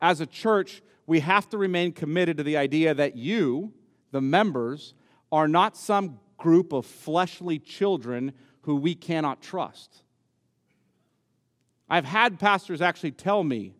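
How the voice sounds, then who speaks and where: A man's voice: a little high, animated, unhurried. A man preaching a sermon as pastor, emphatic and repeating key words for stress. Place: church sanctuary. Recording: long reverb of a church hall.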